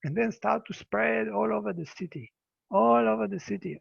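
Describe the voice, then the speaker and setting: Male Buddhist teacher, halting storytelling English; high, dry voice over a lo-fi video call. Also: creaky, breathy edge, no room sound. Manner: halting non-native English, repeats words. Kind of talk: dharma talk storytelling. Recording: dull lo-fi video call audio.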